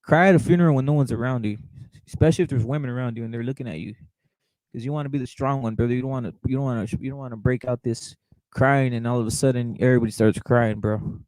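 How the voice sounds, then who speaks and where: With a quick pace and a medium-pitched, darkish voice, a young boxing chat show host bluntly and profanely reacts to live chat, repeating himself and addressing viewers as brother. The audio has no room sound and is poor.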